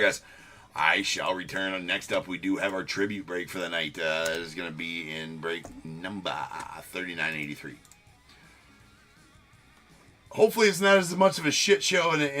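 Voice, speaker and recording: Bright-voiced, loose male card-break host. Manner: loose, self-deprecating, swears, jumps up in pitch when excited. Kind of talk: live stream chat with viewers.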